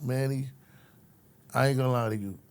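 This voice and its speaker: A man's voice: medium pitch, normal speed, clean tone. A middle-aged man, a former correctional officer telling a story in a streetwise, profane way. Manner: streetwise, profane, repeats his listener's name, acts out the people in his story. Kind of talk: animated storytelling in casual conversation.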